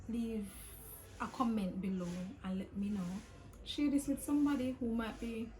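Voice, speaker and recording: A woman's voice: fairly high pitch, a little mellow, poor audio. A Jamaican woman vlogger casually telling a travel story, slipping patois into her talk.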